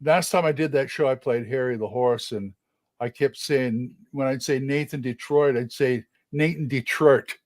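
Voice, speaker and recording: A man's voice: medium pitch, moderate pace, a little mellow, dry recording. A middle-aged man from Oklahoma, co-hosting a casual livestream and telling chatty, easygoing anecdotes. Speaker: podcast co-host. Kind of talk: casual chat.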